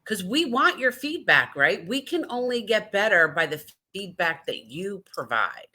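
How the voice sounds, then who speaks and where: An enthusiastic woman co-hosting a live business stream. Her voice is bright and lively, swinging widely in pitch as she hypes up the viewers. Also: unhurried. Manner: bubbly, enthusiastic, cheers viewers on. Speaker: co-host of a live business networking show. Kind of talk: casual live-stream chat.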